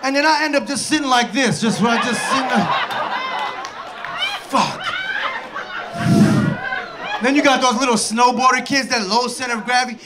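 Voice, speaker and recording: Male stand-up comic, high voice, brash and shouty storytelling, live club with audience noise. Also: normal speed, long pauses. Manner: loud, animated storytelling with shouted character voices. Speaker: stand-up comedian. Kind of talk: stand-up comedy routine. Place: comedy club stage. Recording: live comedy club with laughing crowd. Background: audience laughter.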